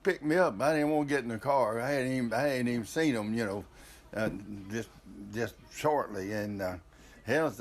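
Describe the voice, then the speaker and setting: An older man, telling a family story in a rambling, casual way with frequent restarts. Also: mid-range voice.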